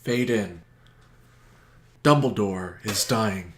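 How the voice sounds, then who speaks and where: A man co-hosting a comedy podcast, telling a story in a mock-grandiose, deadpan way. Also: lowish voice, very slow, heavy background noise. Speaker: podcast co-host. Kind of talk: casual comedy chat.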